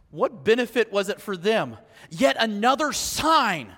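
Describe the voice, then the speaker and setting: High, bright-voiced preaching pastor. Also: male voice, big pitch swings, slow pace, long pauses, in a large hall. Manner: swings from hushed to fervent preaching. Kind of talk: sermon. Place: church sanctuary.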